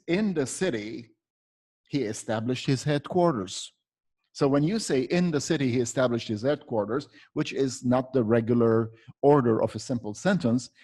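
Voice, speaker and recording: A man's voice: mid-range voice, warm tone, breathy edge. A man walking teachers through a lesson, asking and answering his own questions step by step. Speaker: teacher trainer. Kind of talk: recorded teaching walkthrough.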